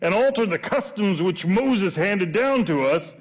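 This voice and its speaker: A man voicing indignant male false witnesses, putting on a Southern US accent and speaking loud, raised and accusing. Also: high voice, animated, unhurried, voice pushed up, low-quality recording.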